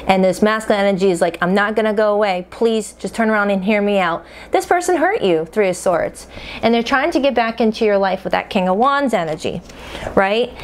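Chatty woman giving a tarot reading. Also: medium pitch. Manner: chatty, emphatic, keeps checking in with "okay?". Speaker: tarot reader. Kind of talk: casual tarot reading to camera.

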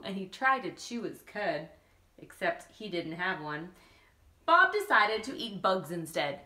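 A woman reads a picture book aloud to children, slow and unhurried, with her pitch swinging widely and playful asides to her listeners. Her voice is bright and fairly high, and the recording has a roomy echo. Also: big pitch swings.

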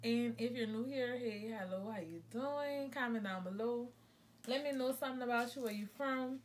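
A woman's voice: a little high, moderate pace, slight background noise. A young woman, telling a rambling, chatty storytime to her vlog viewers from home and correcting herself as she goes. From New Orleans, USA. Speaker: vlogger. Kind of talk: casual storytime monologue.

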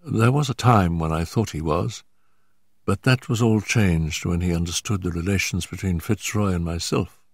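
A man's voice: low voice, normal speed, creaky, no room sound, studio quality. An older man voicing a composed, strong-willed young woman in a story reading, speaking firmly with a slightly raised voice.

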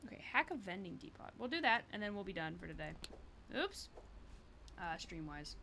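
A woman talks through a livestreamed game in a bright, forward voice, her pitch sitting in a middling range. She chats casually, swears freely and laughs at her own slips. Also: very animated, moderate pace, a little hiss or hum. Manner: chatty, sweary, self-mocking. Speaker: streamer. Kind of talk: casual gameplay commentary.

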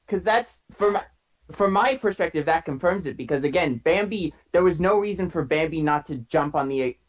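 A man's voice: fairly high pitch, lively intonation, moderate pace, slight background noise. A man playing a party game over a video call, earnestly laying out his reasoning in long run-on sentences. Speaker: player. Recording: dull lo-fi call audio.

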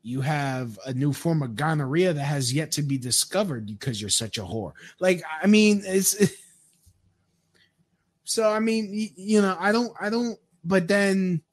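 A man's voice: fairly high pitch, measured pace. A man giving a crude, rambling rant, with frequent stammered restarts. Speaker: commentator. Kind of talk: profane rant commentary.

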